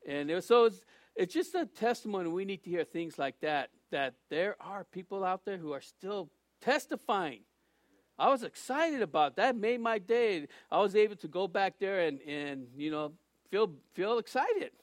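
A man preaching to his congregation, telling a rambling, animated personal story and then leading a prayer, with many restarts. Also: high-pitched, normal speed, no echo, studio quality. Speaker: pastor. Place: church.

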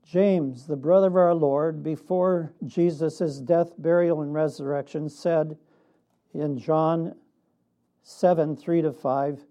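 A man preaching a sermon in a measured way, with a laugh now and then. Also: on the high side, steady tone, mellow. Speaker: pastor.

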